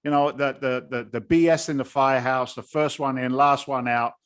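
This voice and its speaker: Man, 50s, London-Boston accent, rambling chatty guest, blue-collar slang, mid-pitched voice. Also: steady tone, normal speed, a bit bright, clear, resonant tone. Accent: London and Boston blend. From England. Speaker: guest, real estate investor. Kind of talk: casual conversation.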